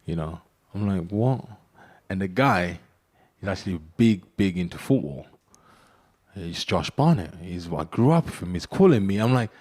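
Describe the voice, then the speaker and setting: Joking, animated boxer. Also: male voice, fairly low pitch, moderate pace. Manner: joking, animated storytelling, laughs often. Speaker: boxer, interview guest. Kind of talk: casual interview banter.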